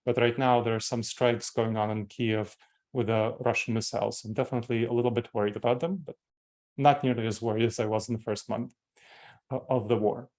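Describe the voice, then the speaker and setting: A man's voice: mid-range voice, level tone, brisk, a little mellow. A man in his forties with a Moldovan accent, giving a training talk to company staff and explaining things step by step, repeating key terms for emphasis. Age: 40s. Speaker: corporate trainer.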